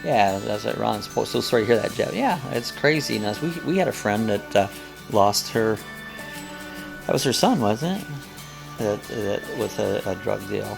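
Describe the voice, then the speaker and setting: Gravelly, chuckling older man hosting a chat. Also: on the low side, animated, moderate pace, over music. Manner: rambling, chuckling, folksy. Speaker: host of a live coffee chat. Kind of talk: casual chat, reading viewer comments aloud.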